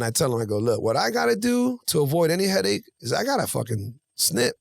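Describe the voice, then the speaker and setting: A man in his forties telling a story on a podcast, animated and acting out both sides of a conversation. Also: fairly high pitch, quick pace, vocal fry, few pauses, dry recording, clean studio sound. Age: 40s. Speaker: podcast guest. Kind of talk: casual storytelling.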